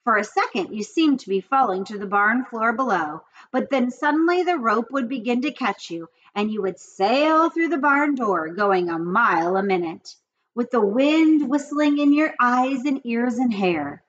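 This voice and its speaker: A woman reading a children's book aloud in an expressive storytelling manner. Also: a little high, moderate pace, highs cut off, slight background noise. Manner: lively, expressive reading with character voices.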